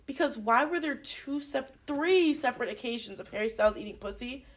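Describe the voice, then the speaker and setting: A woman guesting on a casual film review podcast speaks in a slightly higher voice. She is blunt and opinionated and swears freely as she chats. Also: lively intonation, a little fast, slight background noise.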